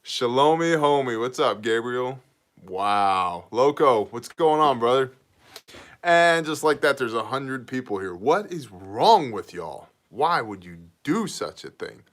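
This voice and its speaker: A man hosting a casual livestream, riffing on the chat and calling out viewers by name. His talk is loose and joking, and it turns eager when he asks for donations to a mission. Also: unhurried. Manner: energetic pitch for mission donations. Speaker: host of a prepper Q&A livestream.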